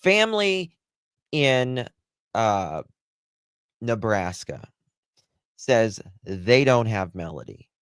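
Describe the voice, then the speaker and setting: A man's voice: on the low side, sing-song, smooth, no echo. A man with a Southern accent hosting a live true-crime stream, reading news aloud and greeting viewers by name. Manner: slow, drawling, affectionate with viewers. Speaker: true-crime show host.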